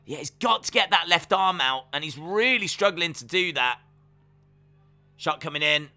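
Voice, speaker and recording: A young man hosting a live watch-along, commentating on fights and reading chat messages aloud, getting loud and excitable. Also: a little high, clear, resonant tone. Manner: excitable, shouting at big moments, reads chat aloud. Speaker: live stream host reacting to fights.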